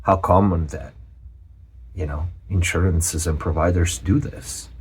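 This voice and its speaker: A man from Europe, a channel host giving a personal update, speaking earnestly with many pauses and restarts. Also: sits low, steady tone, slight background noise.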